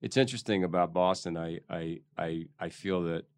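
Low-voiced Philly actor, thoughtful. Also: male voice, fairly even intonation, moderate pace, no room sound, clean studio sound. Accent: Philadelphia. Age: middle-aged. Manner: thoughtful, searching for words. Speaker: guest actor. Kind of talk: casual interview chat.

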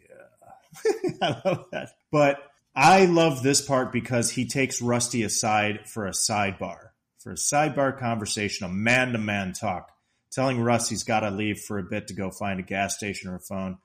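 A middle-aged man co-hosting a podcast, retelling movie scenes in an animated way and laughing often. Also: on the low side, normal speed. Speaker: podcast co-host. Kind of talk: casual film discussion.

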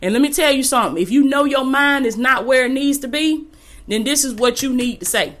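Woman motivational speaker, slightly high voice, preachy and colloquial, hammers points home by repeating them. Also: a little fast, fairly bright tone. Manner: preachy and exhorting, repeats phrases for emphasis; casual and colloquial, addresses listeners as y'all. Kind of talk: faith-based motivational talk.

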